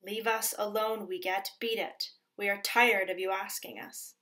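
A woman's voice: medium pitch, fairly even intonation, unhurried, pushed and bright. A woman reading a storybook aloud, voicing a group of greedy frog spirits who taunt and dismiss a beggar.

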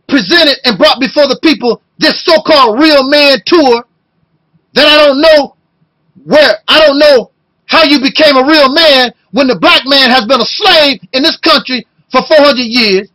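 A man in his fifties delivering an impassioned video rant, talking loud and emotional and firing off rhetorical questions. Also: extremely high pitch, unhurried, poor audio. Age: 50s. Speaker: video blogger.

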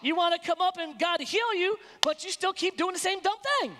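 A woman's voice: very high-pitched, a little fast, long reverb tail, background noise. A woman pastor giving a sermon in an emphatic, colloquial preaching manner, recorded in a church sanctuary.

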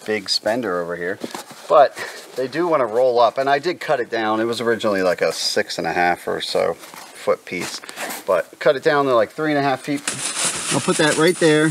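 Relaxed man chatting at a forest campsite. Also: medium pitch, moderate pace, slight background noise. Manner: relaxed, chatty, talks to his dog. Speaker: backpacking vlogger. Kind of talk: casual outdoor gear demo.

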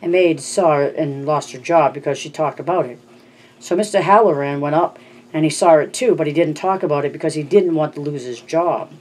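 An audiobook narrator voicing a frightened small boy who blurts out his story in halting bursts. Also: medium pitch, darkish tone, slight background noise, natural voice. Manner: blurting, halting, stumbling over words.

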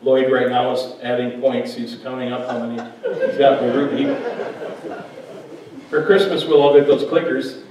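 A man's voice: medium pitch, fairly even intonation, normal speed, long pauses, noisy background. A male pastor preaching a sermon in a conversational way, joking with his congregation in a church hall. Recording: very echoey hall, mic far off.

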